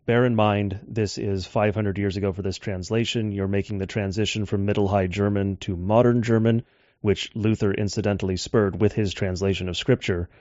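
A man giving a measured lecture on scripture translation, slowing down to quote texts. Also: on the low side, fairly even intonation, darkish tone, dry recording. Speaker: Bible teacher. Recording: dull dry lo-fi audio.

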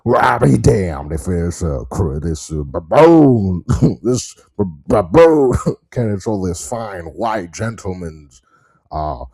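A man voicing a cranky old cartoon man who talks in a slow, pompous, self-satisfied drawl. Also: deep voice, sing-song, gravelly, mellow, breathy edge, no echo, studio quality, heavily acted.

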